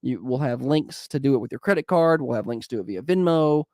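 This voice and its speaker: A man's voice: mid-range voice, expressive, brisk, a little mellow, dry recording. A nasal man hosting morning radio with a stuffy nose and the odd sniffle. He rambles through announcements in an upbeat, casual way, in a dry, close sound. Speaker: radio morning show host.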